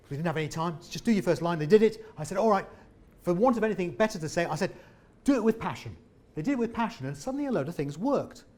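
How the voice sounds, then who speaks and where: A man, a former comedian, leading a lively interactive workshop on presenting and asking the audience questions. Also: on the high side. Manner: animated, jokey, questions the audience. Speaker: presentation trainer. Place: meeting room with an audience.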